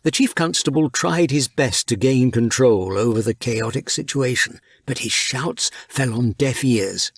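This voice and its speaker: A man narrating an adventure audiobook, reading in a lively, unhurried scripted storybook style. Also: mid-range voice, slightly rough, no echo, clean studio sound.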